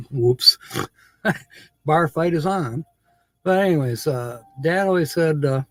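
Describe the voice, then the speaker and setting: A man's voice: a little high, takes it slowly, pauses often, a bit bright, no echo. A man hosting a live stream, chatting casually with viewers, laughing often and reading comments aloud.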